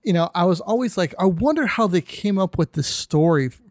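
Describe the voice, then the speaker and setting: A man's voice: sits high, expressive, a little fast, no echo, clean studio sound. A man hosting a podcast, asking questions casually with lots of fillers. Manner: chatty questions with many fillers. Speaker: podcast host. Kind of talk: casual interview.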